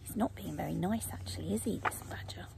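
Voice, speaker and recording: A woman's voice: on the low side, fast, creaky, noisy background. A woman reading a picture book aloud to young children, asking them questions and often whispering. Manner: animated, asks young listeners questions, drops to whispers. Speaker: children's storyteller.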